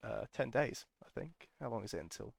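A man's voice: mid-range voice, lively intonation, fairly quick, creaky, no room sound, clean studio sound. A man hosting a podcast, telling a casual, enthusiastic story full of ums and restarts. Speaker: podcast host.

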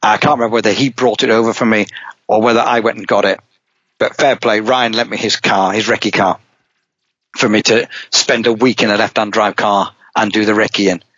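A man's voice: fairly low pitch, brisk, no echo. Rambling middle-aged man telling a racing story. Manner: lively, rambling, many restarts. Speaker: rally driver guest. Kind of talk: casual anecdotal storytelling. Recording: dull, dry podcast audio.

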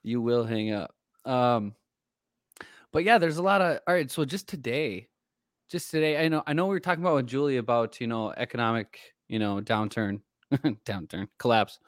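A male podcast co-host in a casual chat, telling animated stories and laughing along. His voice is recorded dry and close, with no room echo. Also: medium pitch, normal speed.

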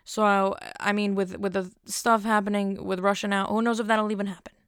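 A woman's voice: medium pitch, flat delivery, moderate pace, clean tone, dry recording, clean studio sound. A young woman hosting her own podcast, rambling chattily and poking fun at herself. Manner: rambling, self-deprecating, chatty. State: cold, stuttering a little. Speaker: podcast host. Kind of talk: casual solo podcast chat.

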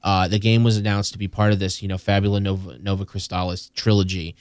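A man hosting a casual gaming podcast, telling stories in a rambling, animated way with many restarts. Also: sits low, fast, smooth, no room sound. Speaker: podcast host.

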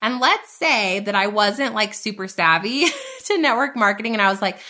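A woman's voice: mid-range voice, sing-song, moderate pace, pushed and bright. A woman hosting her podcast in a bubbly, chatty way, full of y'all and like. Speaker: podcast host. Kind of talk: upbeat podcast monologue.

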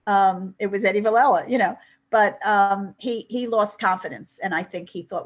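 Older woman, husky voice, chatty anecdotal guest. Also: medium pitch, normal speed. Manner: chatty storytelling, many "you know" asides. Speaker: interview guest. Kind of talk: anecdotal interview.

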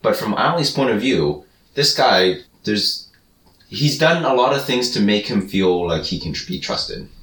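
Deep-voiced man, roomy distant sound. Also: sing-song, fairly bright tone. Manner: measured, deliberate, laughs often. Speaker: podcast co-host. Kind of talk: casual chat.

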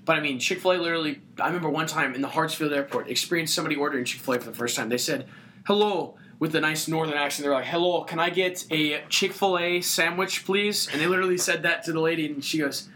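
A man's voice: on the high side, steady tone, very fast, few pauses, bright, forceful tone, a little hiss or hum. A man co-hosting a podcast in casual chat, telling stories with enthusiasm and acting out quotes. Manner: enthusiastic storyteller who acts out quotes. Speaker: podcast co-host.

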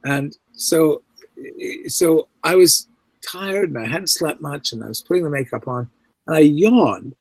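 Animated, slightly high-voiced man telling stories. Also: measured pace, gravelly, husky, dry recording. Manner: animated storyteller who acts out quoted voices. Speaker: guest actor. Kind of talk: anecdotal storytelling in an interview.

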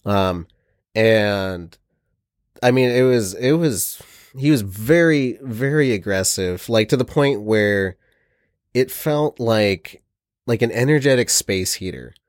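A man's voice: lowish voice, expressive, takes it slowly, dry recording, clean studio sound. A man in casual chat, telling an earnest, rambling account.

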